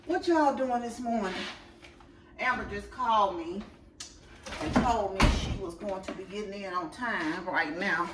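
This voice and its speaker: Unpacking groceries at home, a woman keeps up chatty vlog talk aimed directly at her viewers. She speaks at a medium pitch in an unhurried way, far from the mic, in an echoey room with background noise.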